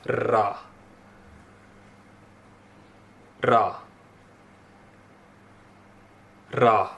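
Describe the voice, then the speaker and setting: A man teaching a language lesson, patiently repeating each syllable and pausing with frequent "uh"s. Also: mid-range voice, a bit bright, slight background noise. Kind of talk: explaining a writing lesson.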